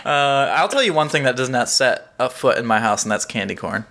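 Bright-voiced playful man quizzing a friend. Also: medium pitch, very animated, a little fast, vocal fry. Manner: playful, laughs often. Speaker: podcast co-host. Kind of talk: casual chat, quizmaster.

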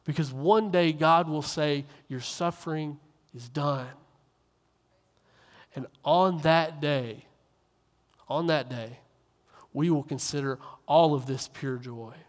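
A man's voice: a little high, takes it slowly. A young man preaching from a stage, telling stories earnestly and repeating phrases as he builds his point. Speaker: minister. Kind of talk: sermon on stage. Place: large hall on a stage. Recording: long hall reverb.

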